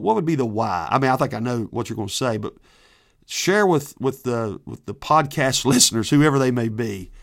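A man's voice: mid-range voice, a bit bright. A man hosting a Christian podcast, talking casually and rambling with frequent restarts. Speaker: podcast host.

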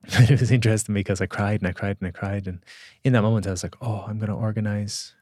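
Guy on a podcast mic, earnest and halting, lowish voice, dry sound. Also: steady tone, a little mellow, no room sound. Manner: earnest, halting with repeated words. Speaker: podcast guest, coach. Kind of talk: reflective storytelling.

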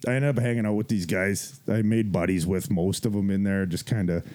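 A man's voice: deep voice, brisk. A man casually telling a gym story on a podcast, swearing freely, laughing and acting out what people said. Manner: profane, laughing, animated retelling with quoted voices.

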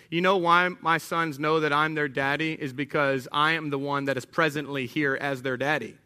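Male pastor in his thirties, high and bright voice, animated preaching with bursts of shouting. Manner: animated preaching, rising to shouts, with acted asides. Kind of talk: sermon. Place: church sanctuary.

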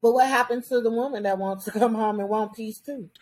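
A woman's voice: fairly high pitch, brisk, darkish tone. A woman hosting a casual podcast chat, asking insistent questions.

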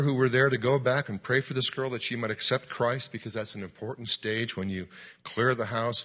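Pastor, male, bright forceful voice, animated sermon storytelling. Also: mid-range voice. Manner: animated storyteller, acts out dialogue, shouts commands.

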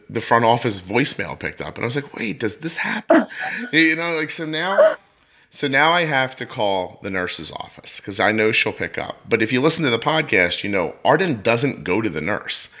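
A middle-aged man with a bright, forceful voice that sits on the low side, telling a long story in an easy conversational way. He slips into the voices of the people he quotes, so his storytelling stays lively. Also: normal speed. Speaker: podcast host. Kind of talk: casual storytelling chat.

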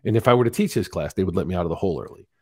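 A lower-voiced man in his forties speaks candidly as a podcast guest, recounting his story with animated, acted-out quotes. The sound is dry and close with no room around it. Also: racing, husky, dry recording. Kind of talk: storytelling interview.

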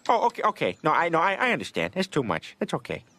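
A goofy cartoon dad, high swoopy voice, all bashful and stammery. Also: male voice, wildly swooping pitch, bright, forceful tone, exaggerated voice. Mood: sheepish, hopeful. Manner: bashful, halting, stammering requests. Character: dopey middle-aged cartoon dad, childlike and eager. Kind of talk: animated sitcom voice acting.

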